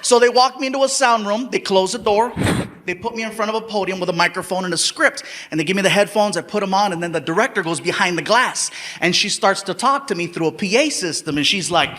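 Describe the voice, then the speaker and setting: Man, stand-up comic, very high bright voice, animated, shouts punchlines. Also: fast. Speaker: stand-up comedian. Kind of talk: stand-up storytelling. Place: comedy stage before a live audience.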